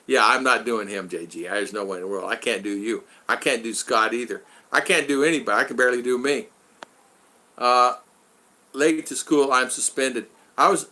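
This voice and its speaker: A man's voice: mid-range voice, bright, forceful tone. A man in his sixties casually chatting on a live stream from his home, reading viewer comments aloud and laughing often. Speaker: vlogger hosting a live stream. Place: home in the Philippines.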